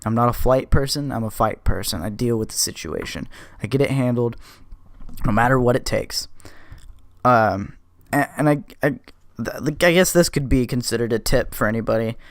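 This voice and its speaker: A man's voice: medium pitch, moderate pace, no room sound. A man in an ordinary middle register tells a story from his own life straight to the listener, swearing freely and restarting his sentences as he goes. His voice sits close and dry, with no room sound around it. It is casual podcast talk from the show's host. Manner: profane, blunt, restless retelling with self-corrections.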